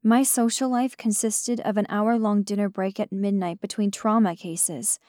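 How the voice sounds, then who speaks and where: A woman reading a first-person audiobook in an intimate, measured storytelling manner. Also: medium pitch, steady tone, darkish tone, no echo, clean studio sound. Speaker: narrator.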